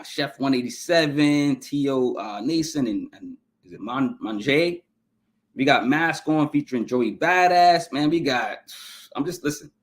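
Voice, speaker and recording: A man hosting a podcast, casually ranking albums in a rambling, enthusiastic way, repeating himself and tripping over names. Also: fairly high pitch. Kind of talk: casual album review monologue.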